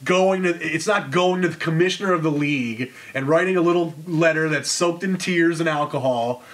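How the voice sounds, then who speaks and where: A man's voice: on the high side, moderate pace. Wry, chatty sports-debate man. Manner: conversational, wry, acts out quotes. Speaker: sports debate show co-host.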